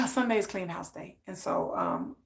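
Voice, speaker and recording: A woman's voice: medium pitch, takes it slowly, vocal fry, slight background noise. A woman from Texas chatting casually on a livestream, telling stories and acting out voices. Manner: animated storytelling, acts out voices. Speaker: livestream host. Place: home room with ring lights.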